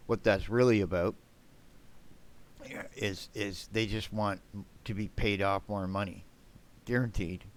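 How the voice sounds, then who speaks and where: Male streamer, low and smooth, rambling and blunt with his chat. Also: steady tone, measured pace, pauses often. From Canada. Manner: rambling and blunt, swears, keeps tagging "man" and "right?". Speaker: game streamer.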